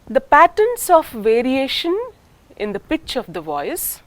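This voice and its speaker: An Indian English woman gives a recorded lecture, unhurried and deliberate. Her voice sits a bit high. It swoops up and down as she teaches. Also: big pitch swings, dry recording. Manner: slow, deliberate, explaining with spoken examples.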